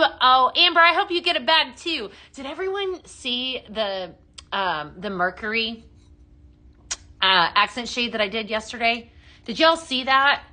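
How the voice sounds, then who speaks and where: A woman's voice: a little high, bright, forceful tone. A woman hosting a casual live-stream product demo from home, chatting upbeat with lots of fillers. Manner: chatty, upbeat sales patter with many fillers. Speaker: home-fragrance live-sale host.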